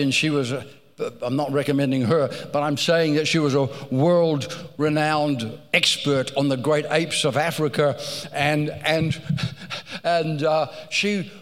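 A man's voice: on the high side, fairly even intonation, measured pace, in a large hall. A man preaching a sermon, telling stories with animation and repeating phrases for emphasis.

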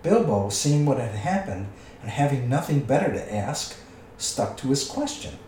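Lively man reading a storybook aloud. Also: mid-range voice, normal speed, distant mic, a little hiss or hum. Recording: echoey room, away from the mic.

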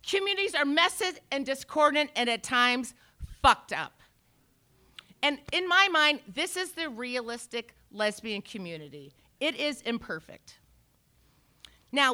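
A woman in her forties telling a brash, profane stand-up story, swinging from low mutters to shouts. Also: lively intonation, measured pace, long pauses. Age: 40s. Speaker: stand-up comedian.

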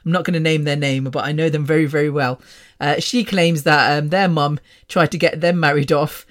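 A woman's voice: deep voice, fairly even intonation, fairly quick. Chatty, frank woman podcaster. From England. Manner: chatty, frank, laughs often. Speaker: podcast host. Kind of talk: casual storytelling monologue. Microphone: podcast microphone.

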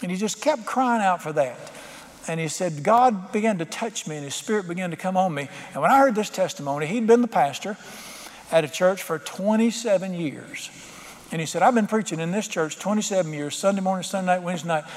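High-voiced preacher in a reverberant hall. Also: male voice, lively intonation, a little fast. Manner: storytelling preacher, rising to fervent emphasis. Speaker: pastor. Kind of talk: sermon.

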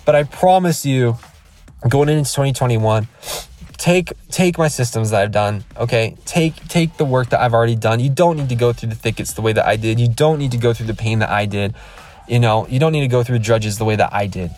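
A man's voice: mid-range voice, fairly quick, a little mellow. A man in his thirties, a podcast host, giving an emphatic, rambling motivational rant from his car, recorded on a phone. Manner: emphatic, repetitive, rambling with restarts. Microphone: iPhone.

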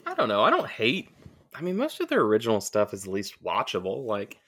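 Bright-voiced guy on a podcast, pitch all over, wry and swearing. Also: wildly swooping pitch. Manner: wry, profane, quick asides. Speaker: podcast co-host. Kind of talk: casual podcast banter.

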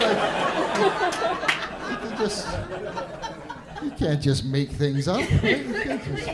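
A man's voice: sits high, wildly swooping pitch, slow pace, long pauses, over a noisy crowd, very noisy. A middle-aged Canadian man doing a stand-up set, rambling and self-deprecating, tagging lines with "right?". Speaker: stand-up comedian. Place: live comedy venue with audience laughter.

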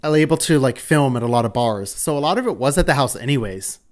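A woman's voice: very deep voice, expressive, fast. A woman hosting a casual chat, candid and loose, swearing freely and restarting her sentences. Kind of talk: casual chat about reality TV.

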